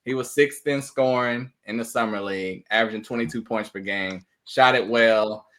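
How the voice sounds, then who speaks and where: An easygoing man guests on a casual sports podcast chat and laughs often. He speaks at an ordinary middle pitch. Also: moderate pace, fairly bright tone.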